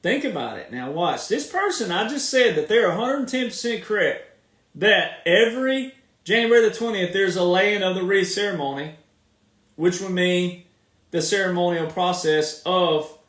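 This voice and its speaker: A commentator with a Southern accent and a high, slightly bright voice gives a casual monologue, emphatic and repetitive, stretching out his words as he makes each point. He speaks away from the mic in an echoey room.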